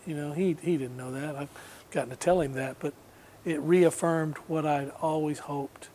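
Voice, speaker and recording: Chatty man telling a story, fairly high voice. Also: normal speed, slight background noise. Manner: relaxed, rambling, laughs often, mimics voices in anecdotes. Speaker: guest musician. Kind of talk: casual storytelling.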